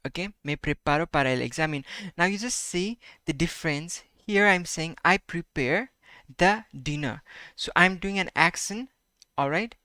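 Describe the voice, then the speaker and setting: Bright, crisp voice of a male Spanish teacher. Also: high-pitched, dry recording, studio quality. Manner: patient, repeats sentences slowly, checks with "right?" and "okay?". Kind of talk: explaining a grammar lesson.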